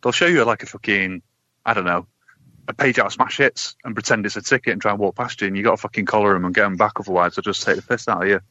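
A man's voice: fairly low pitch, fast, pushed and bright, no room sound, lo-fi sound. A man with a Manchester accent, a bus-driving guest, ranting in a profane, exaggerated comic way. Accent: Mancunian. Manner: heated, profane, exaggerated complaining. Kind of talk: sweary comic rant.

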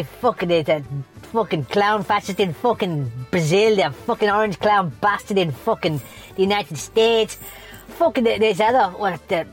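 A woman's voice: mid-range voice, lightly acted. A woman playing a foul-mouthed, bitter man who rants and swears constantly for a comedy podcast. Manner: swears constantly, scornful ranting.

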